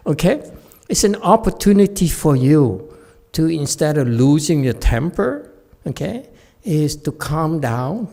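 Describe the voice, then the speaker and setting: A man's voice: on the high side, sing-song, takes it slowly, creaky, pauses often, warm tone. A man giving a playful Buddhist dharma talk at a meditation center, laughing often and checking in with his listeners. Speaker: meditation teacher.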